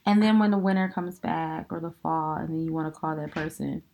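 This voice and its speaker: A woman co-hosting a podcast in casual chat, animated and swearing freely, acting out both sides of conversations. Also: low voice, a little fast. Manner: animated, mimics voices in quoted exchanges; frequent swearing, laughing. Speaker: podcast co-host.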